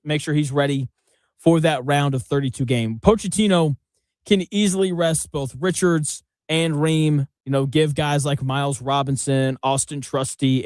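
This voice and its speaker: A sports radio host with a somewhat high voice who talks in a loose, conversational way and laughs easily. His studio mic sounds dry and close. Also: no echo. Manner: conversational, joking, fond of laughing. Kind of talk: sports talk radio commentary.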